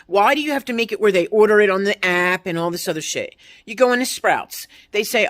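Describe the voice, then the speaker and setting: A woman's voice: medium pitch, expressive, a little fast, fairly bright tone. A woman in her fifties ranting bluntly and profanely to her viewers, mocking other people's replies in quoted voices. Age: 50s. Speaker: vlogger. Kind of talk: ranting monologue to camera.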